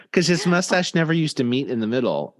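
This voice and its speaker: A man's voice: on the high side, normal speed, in a large hall. A man hosting a podcast, chatting casually, often laughing and filling gaps with ums. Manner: laughs often, fillers, animated. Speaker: podcast host. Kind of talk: casual chat.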